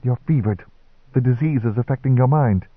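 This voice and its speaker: A man voicing a stiff, reproving male reverend who talks in a sharp, sermonizing way. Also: mid-range voice, a little fast, dry recording, voice pushed up, close to an everyday voice. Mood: stern. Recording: dry, tinny narrow-band recording.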